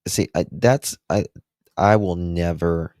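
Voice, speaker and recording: A man's voice: sits low, steady tone, slow pace, a little mellow, dry recording, clean studio sound. A man hosting a true crime livestream, chatting with viewers in a casual, emphatic way. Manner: emphatic, chatty, talks to the chat.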